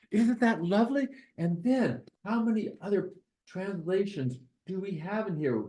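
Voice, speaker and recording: A man reading poems at an online poetry gathering, slowly and deliberately, with chatty asides between them. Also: sits high, mellow, poor audio. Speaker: poetry reader at an open mic. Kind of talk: casual reading and commentary. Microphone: online video call.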